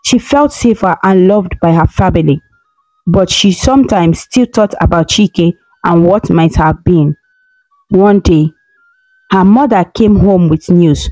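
A woman narrating a folktale in a steady, even reading. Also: lowish voice, a little slow, dry recording, faint music behind, low-quality recording. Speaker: storyteller.

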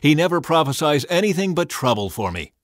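A man's voice: medium pitch, moderate pace, no echo, clean studio sound, lightly acted. A man reading as an angry, impatient king. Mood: irritated.

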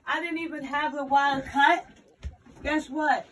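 A woman's voice: high voice, steady tone, measured pace, fairly bright tone, recorded from a distance, a little hiss or hum, low-quality recording. A woman arguing in an angry, profane, threatening way. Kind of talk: heated argument.

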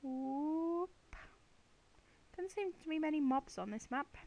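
A woman's voice: high-pitched, lively intonation, brisk, a little mellow. A woman giving casual, chatty commentary while playing a video game, playfully talking to the animals and monsters on screen. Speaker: let's play gamer.

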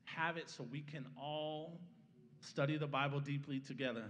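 A man's voice: on the high side, steady tone, moderate pace, a bit bright, big-room sound. A man pastor preaching a sermon in a church, talking conversationally and often checking in with the congregation. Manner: conversational preaching, keeps asking the congregation "right?"; opens with a prayer, then teaches the Bible passage. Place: church sanctuary.

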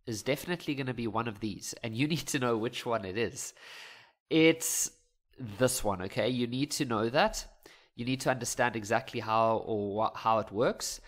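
A young man teaches maths in a loose, conversational way, cracking jokes and laughing at himself as he works through the problems. His voice sits at an ordinary middle pitch and he keeps it relaxed and informal. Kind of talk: casual maths lesson over worked examples.

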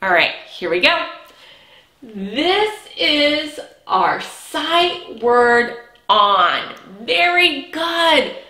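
Slow, high, bright-voiced woman teacher. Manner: slow, patient, encouraging, stretches out sounds. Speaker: preschool teacher. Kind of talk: early learning lesson for young children. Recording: echoey room.

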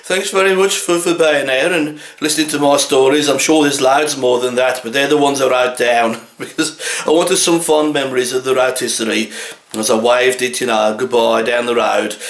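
A man's voice: medium pitch, fairly even intonation, moderate pace, reverberant, lightly acted. A man in his sixties with a Birmingham accent, playing a chatty, jolly butcher who tells rambling comic anecdotes with frequent chuckles. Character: chatty older male butcher, jolly and exasperated. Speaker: comedy butcher character.

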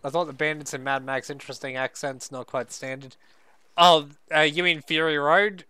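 A man's voice: on the high side, steady tone, normal speed, sharp tone, clear, resonant tone. Joking Australian streamer man. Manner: swearing, joking, chatting with viewers. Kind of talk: casual gameplay commentary.

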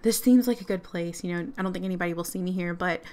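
A woman's voice: lowish voice, fast talker, a little mellow, lightly acted. A woman voicing a fretful male werewolf. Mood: uneasy. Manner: fretful, pleading. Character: anxious male werewolf fighting his rage.

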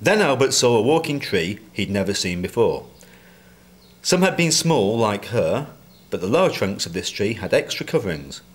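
A man reading a children's storybook aloud with expressive delivery. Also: on the low side, normal speed. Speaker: reader. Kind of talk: storybook narration.

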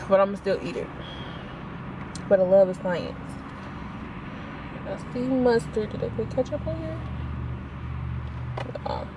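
A woman's voice: fairly high pitch, noisy background. A young woman, chatting casually to viewers as she reviews food in a car on her phone. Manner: chatty, animated, talks to viewers as y'all. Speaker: vlogger.

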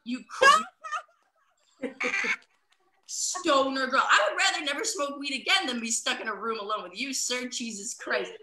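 A woman's voice: sits high, normal speed, sharp tone. A young woman from the Midwest doing a profane stand-up set over a video call, laughing through her jokes. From American Midwest. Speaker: stand-up comic. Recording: roomy echo.

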